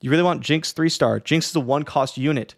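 A man casually explaining a strategy game to beginners in a chatty, lively way, with many fillers and the odd yawn. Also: on the high side, a little fast, creaky. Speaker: streamer teaching a strategy game. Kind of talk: casual tutorial talk.

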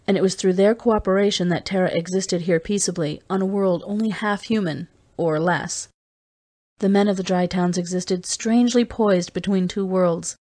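A woman reads a novel aloud in the first person, steady and measured. Her narration keeps an even, unhurried line between the dialogue. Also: on the low side, dry recording. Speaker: audiobook reader.

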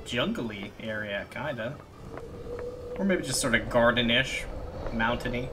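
A man's voice: mid-range voice, a little slow, music in the background. A man casually commenting on a game he is playing, rambling and laughing as he explores. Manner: chatty, giggly, rambling. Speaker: let's play host.

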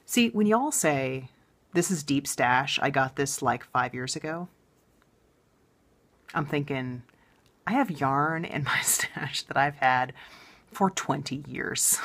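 A woman with a low-pitched voice hosts a knitting show in a relaxed, chatty way. She sounds enthusiastic and talks as if thinking aloud, with frequent ums and restarts. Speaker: knitting podcast host. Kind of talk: casual show-and-tell chat.

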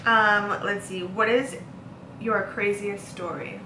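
A young woman hosting a casual chat, talkative and quick to laugh. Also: mid-range voice, fairly even intonation. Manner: laughs often, chatty and playful. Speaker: host. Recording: echoey room, faint background noise.

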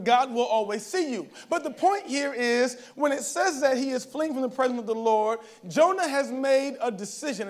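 A man delivers a sermon to his congregation in a relaxed, talky preaching style. His voice sits noticeably high for a man, and he keeps pausing to check that the room is following him. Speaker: pastor. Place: church service.

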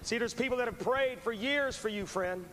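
A man's voice: very high-pitched, normal speed, a bit bright. A man preaching as an evangelist at a revival service, fervent and urgent, repeating his phrases as he pleads with the crowd, on a poor VHS recording from a large church. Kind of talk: revival sermon with altar call. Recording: poor VHS recording with long hall reverb and faint hiss.

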